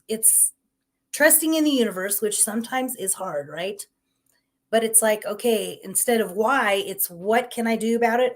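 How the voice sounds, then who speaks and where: A middle-aged woman hosting a live-streamed inspirational talk show, upbeat and gently encouraging in a conversational way. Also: mid-range voice. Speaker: host.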